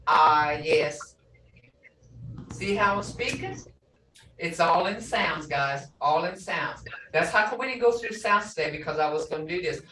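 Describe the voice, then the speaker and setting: An older woman teaching a language class, sounding out words slowly and syllable by syllable. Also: lowish voice, pushed and bright. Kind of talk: slow language lesson with repeated words. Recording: echoey room, a bit distant from the mic, faint background noise.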